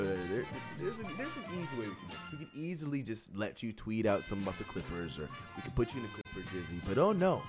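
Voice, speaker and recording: A man hosting a casual live-stream quiz, teasing his co-host and laughing often, with faint music behind. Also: on the low side. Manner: teasing, laughs a lot, lively. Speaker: show host running a quiz.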